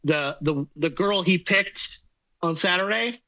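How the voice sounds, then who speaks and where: Bright-voiced dude rambling through a story on a podcast, kinda muffled mic. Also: male voice, sits high, measured pace. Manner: rambling, filler-heavy, self-deprecating. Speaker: podcast co-host. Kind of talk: casual storytelling chat.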